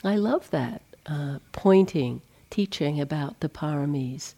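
A middle-aged woman teaching meditation, her voice low-pitched, warm and mellow. She talks gently and without hurry, easing into stories with a touch of humor, like a retreat dharma talk. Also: lively intonation, vocal fry. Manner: gentle, unhurried storytelling with light humor.

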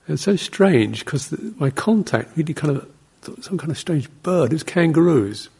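A man, a Buddhist monk, giving an informal dharma talk in a rambling, anecdotal way, breaking into soft laughs and short acted-out exclamations. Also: fairly high pitch, lively intonation, moderate pace, gravelly, husky. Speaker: Buddhist monk teaching meditation.

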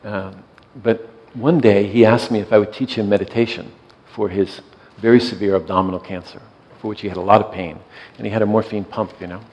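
A man who works in hospice care, telling a story gently and softly, often checking in with his listener. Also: lowish voice, steady tone, a little fast, hardly any pauses, lo-fi sound. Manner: soft-spoken, often checks in with "yeah?". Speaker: hospice worker and meditation teacher.

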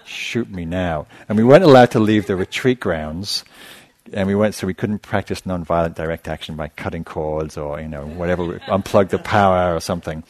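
A middle-aged man, a meditation teacher, giving a dharma talk in a relaxed storytelling manner with self-deprecating humor. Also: low voice, brisk. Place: meditation center hall.

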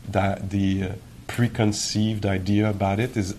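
A man giving a meditation teacher's dharma talk in a gentle, reflective, musing way, with many pauses. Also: on the low side, level tone, slight background noise. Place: retreat hall.

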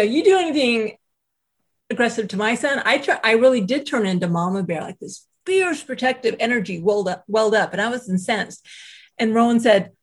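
A woman's voice, husky with a breathy edge and set fairly high. She is a self-compassion teacher and author, speaking as an interview guest. She tells stories in a lively, conversational way and slips into the voices of the people she quotes. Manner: animated, acts out quoted voices, frequent "you know" asides.

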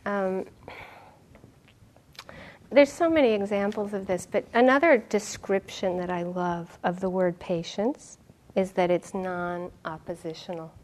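Middle-aged woman meditation teacher, animated storytelling with lots of laughing, dharma talk. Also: mid-range voice, a little slow. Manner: animated storytelling, laughing often, acting out quotes.

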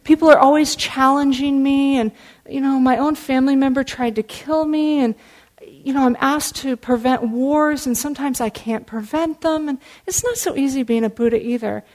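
A woman voicing the Buddha as a serene, gentle, welcoming man in a storytelling dharma talk. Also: sits high, steady tone, moderate pace, pitched above the performer's own voice, natural voice. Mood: kindly. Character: serene gentle male Buddha, warm host.

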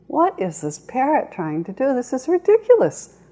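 A woman's voice: high voice, wildly swooping pitch, moderate pace, dark tone, pitched above the performer's own voice, full character voice. A woman voicing a mocking male god in a spoken teaching story, scoffing at a small bird. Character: mocking male sky god, scornful and amused.

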